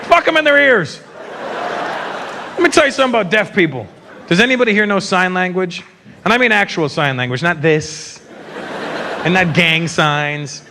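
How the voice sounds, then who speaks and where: A man doing live stand-up comedy on stage, teasing the audience in an animated way. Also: sits high, brisk, a little hiss or hum. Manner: animated, teasing crowd work.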